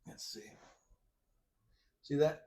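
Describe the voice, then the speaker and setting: A male podcast host speaks slowly in a dark tone. His casual monologue commentary is loose and rambling with many restarts, and he is sometimes blunt and mocking, dropping the occasional swear word.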